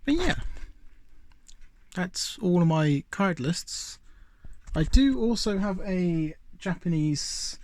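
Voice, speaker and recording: A man films himself on a handheld phone at home, casually showing off his collectible collection in a rambling show-and-tell vlog full of fillers and asides. His voice sits high and is expressive and darkish, slow with long pauses, and has no room sound.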